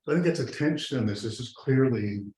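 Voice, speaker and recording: A man's voice: medium pitch, expressive, fast talker, warm tone. A man teaching an adult Sunday school class in a church room, talking conversationally and reading scripture aloud. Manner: conversational, reads scripture aloud, trails off and restarts. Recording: echoey room, faint hiss.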